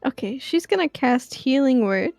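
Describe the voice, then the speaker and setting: A woman playing in a tabletop game, speaking softly and hesitantly. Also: high-pitched, animated, moderate pace, creaky, no echo, faint music behind. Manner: soft, hesitant. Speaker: player.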